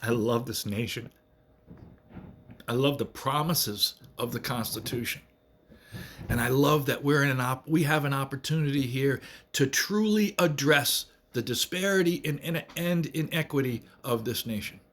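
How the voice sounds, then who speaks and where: A man's voice: mid-range voice, normal speed, a bit bright, slight background noise. A man giving an earnest, emphatic political monologue to camera, repeating phrases to drive his points home. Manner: earnest, emphatic, repetitive rallying speech. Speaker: vlogger.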